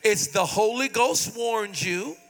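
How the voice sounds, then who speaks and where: A male pastor preaching a sermon in a church, swinging between shouted, sung phrases and soft, pleading mock prayers. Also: high-pitched, slow. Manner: acts out prayers in a softer, pleading voice. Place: church sanctuary.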